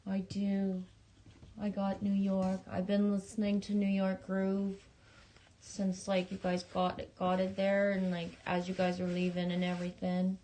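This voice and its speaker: A woman chats on her livestream in a level, narrow-pitched voice that barely rises or falls. She rambles and restarts her sentences, swears now and then, and speaks affectionately to her viewers. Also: completely flat delivery, a little slow, dark tone. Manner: affectionate, talking straight to viewers. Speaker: livestream host. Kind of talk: casual livestream chat reading viewer messages.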